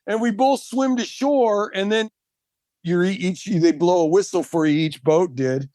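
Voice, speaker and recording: Man, high voice, dry close sound, animated storyteller, emphatic, laughs often. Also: measured pace, no room sound. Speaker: guest, marathon swimmer. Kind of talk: casual storytelling.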